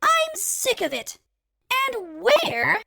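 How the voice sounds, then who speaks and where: Spoiled princess, squeaky high voice, raspy fry, slow drawn-out whining, storybook. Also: female voice, sing-song, bright, forceful tone, no echo, heavily acted. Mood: scolding. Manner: shrill and indignant. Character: whiny spoiled young princess, self-pitying. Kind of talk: audiobook character acting.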